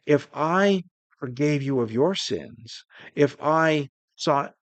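A man preaching a sermon in an earnest way, slowing down to stress key words. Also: a little high, animated, dry recording.

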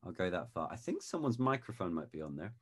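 A man talking as an expert guest in a video-call interview, explaining in a thoughtful, measured way and demonstrating sounds. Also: low voice, very animated, breathy edge. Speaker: guest expert on Shakespeare pronunciation.

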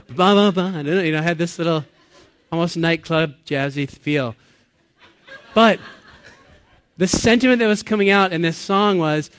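A man's voice: high voice, moderate pace, pauses often. A man in his late thirties preaches to a gathered congregation in a slightly raised voice. He talks in an earnest, chatty way, laughs at himself, and quizzes the crowd. The sound is close and dry, with little room echo. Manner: conversational and earnest, laughs at himself, asks the audience questions. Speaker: pastor. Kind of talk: sermon. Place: church or meeting hall with an audience.

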